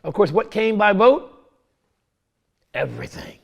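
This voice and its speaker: An American man giving a lively, conversational history talk, acting out both sides and checking in with "right?". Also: sits high, measured pace, vocal fry. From United States. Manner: conversational, acts out both sides with quoted voices, says "right?" often. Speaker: history presenter.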